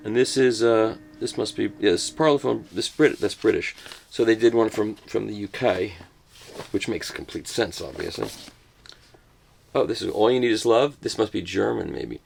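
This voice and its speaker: An older man talks casually as he unboxes a set of records, tossing off jokes at his own expense as he goes. His voice is low and carries a gravelly edge. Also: moderate pace, pauses often, a little mellow, a little hiss or hum. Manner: joking, self-mocking asides. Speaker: host reviewing a record box set.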